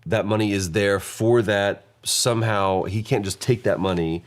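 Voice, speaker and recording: A man's voice: on the low side, steady tone, normal speed. A man co-hosting a casual podcast, joking and laughing often. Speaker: podcast co-host. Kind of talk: casual banter.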